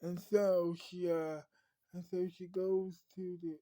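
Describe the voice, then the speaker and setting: A woman's voice: on the low side, flat delivery, slow pace, warm tone, no echo, low-quality recording. A woman narrating an improvised story in a rambling way, often restarting her sentences. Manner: rambling, frequent restarts and fillers.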